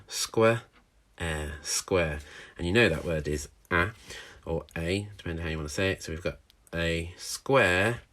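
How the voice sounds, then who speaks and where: A man with a very low voice teaches a recorded phonics and handwriting lesson for young children. He is encouraging and sounds out each letter slowly and clearly, the way a primary school teacher does. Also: fairly bright tone.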